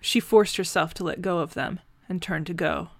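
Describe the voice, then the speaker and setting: Low-voiced woman reading fan fiction. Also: normal speed, gravelly. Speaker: audiobook reader.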